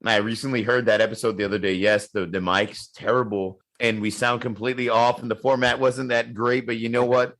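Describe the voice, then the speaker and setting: A man's voice: medium pitch, fairly even intonation, fairly quick, few pauses, fairly bright tone. A man co-hosting a podcast, chatting casually with a rambling, joking manner and many repeated words. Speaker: podcast co-host. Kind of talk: casual chat.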